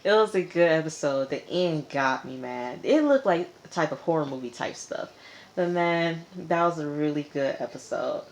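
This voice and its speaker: A woman with a slightly low voice recaps a TV episode for her vlog. She retells it in a lively, dramatic way, repeating lines for emphasis and talking casually to her viewers. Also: normal speed, slight background noise. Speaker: TV episode reviewer.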